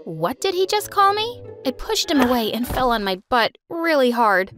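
A young woman narrating her own animated story in a dramatic, sarcastic first-person way. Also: high voice, normal speed, few pauses, soft background music. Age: young adult.

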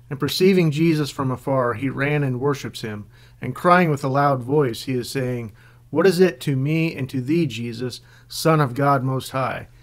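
A man giving scripted Bible teaching, reading scripture passages in a measured way. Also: mid-range voice. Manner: measured, reads scripture aloud.

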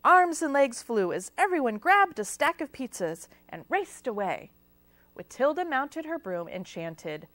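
A woman's voice: fairly high pitch, big pitch swings, measured pace, a bit bright, no room sound. A woman telling a children's story at library storytime, reading expressively. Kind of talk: children's storytime read-aloud.

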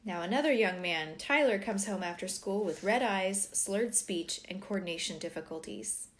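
A middle-aged woman reading a parenting book aloud, breaking off now and then for animated personal asides. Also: mid-range voice, normal speed, hardly any pauses.

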